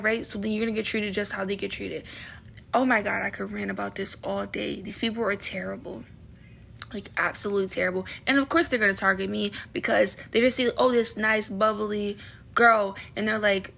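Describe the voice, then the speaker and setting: Ranting young woman with a husky, fried voice. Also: mid-range voice, fairly bright tone. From Baltimore area, USA. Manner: heated, indignant, ranting with many fillers and restarts. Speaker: vlogger. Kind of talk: casual rant to camera.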